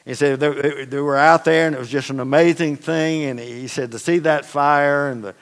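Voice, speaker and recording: A man's voice: a little high, fairly even intonation, moderate pace. A man preaching a sermon as pastor, telling stories in a conversational, folksy way with casual asides. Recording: long reverb of a large hall.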